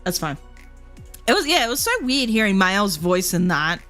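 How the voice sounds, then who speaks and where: A woman's voice: medium pitch, big pitch swings, moderate pace, a bit bright, soft background music. A woman streamer chatting casually, laughing often, swearing, and mimicking characters as she tells stories. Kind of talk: casual live-stream chat.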